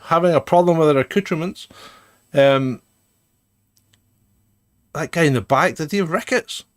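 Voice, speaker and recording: A man's voice: fairly high pitch, normal speed, no room sound, clean studio sound. A man co-hosting an irreverent live commentary, sarcastic and ranting, laughing often.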